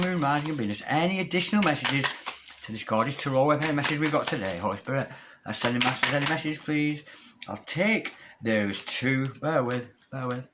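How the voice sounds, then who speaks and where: A man's voice: medium pitch, animated, brisk, a bit bright, slight background noise. Male tarot reader, intimate and theatrical delivery. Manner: intimate, calls the listener darling, dramatic asides. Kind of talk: tarot reading to camera.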